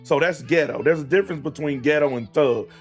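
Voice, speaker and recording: A man, hosting a casual podcast debate, blunt and profane, slowing down to stress his points. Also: a little high, soft background music. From American South. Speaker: host.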